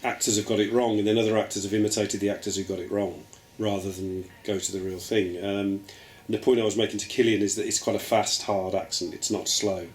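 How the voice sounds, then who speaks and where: Speaking fairly quickly, with few pauses and a level tone, a low-voiced television writer from Birmingham, England, reflects in an interview. He's thoughtful and leans on "I mean" and "I think," recorded in an echoey room with faint ambient noise.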